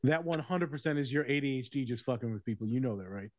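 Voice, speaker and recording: A man's voice: medium pitch, lively intonation, fast talker, highs cut off. A man hosting a podcast in casual chat, swearing freely and telling stories with a laugh. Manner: profane, laughing storyteller. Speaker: podcast host.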